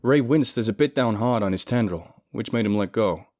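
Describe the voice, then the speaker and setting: A man's voice: lowish voice, fairly quick, a little mellow. A man narrating a first-person horror story in a dramatic, lurid style.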